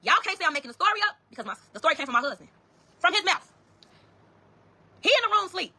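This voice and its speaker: A woman's voice: very high-pitched, very animated, quick pace, bright, forceful tone. A woman telling a story to her viewers in a casual, profane, emphatic way, often calling out to "y'all".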